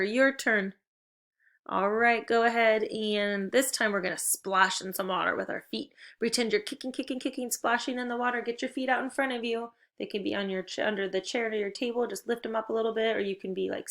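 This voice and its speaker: A woman teaching children in a recorded video lesson, giving encouraging, clearly paced instructions and drawing out key words slowly. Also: fairly high pitch, bright, forceful tone. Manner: stretches out target words slowly.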